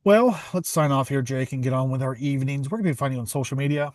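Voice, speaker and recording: A man's voice: mid-range voice, fast, no echo. A man co-hosting a golf betting podcast, chatting casually and upbeat with many fillers and restarts. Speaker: podcast co-host.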